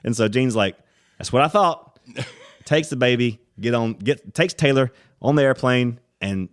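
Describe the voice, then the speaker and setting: Man, podcast host, lively storyteller, mid-pitched voice. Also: moderate pace. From United States. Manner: animated storyteller, acts out voices with loud high-pitched impressions. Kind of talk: casual storytelling chat.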